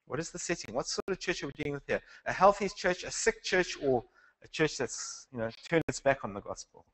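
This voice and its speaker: A man's voice: on the high side, expressive, a little fast, fairly bright tone, rough recording. A man teaching a Bible class in a conversational lecture style, asking the class questions and restarting his sentences. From South Africa.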